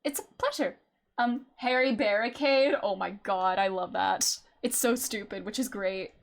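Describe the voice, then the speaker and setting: A woman's voice: medium pitch, measured pace, gravelly. A young woman streaming a game, chatting casually with wry, giggly asides. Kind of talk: casual gameplay commentary, reading game text aloud.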